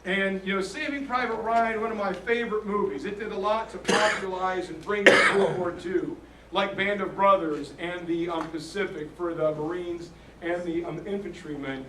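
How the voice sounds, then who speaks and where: Man, fairly high voice, earnest history storyteller, recorded in a roomy space from a distant mic. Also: steady tone, moderate pace, noisy background. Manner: earnest retelling that acts out quoted soldiers. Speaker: speaker on history.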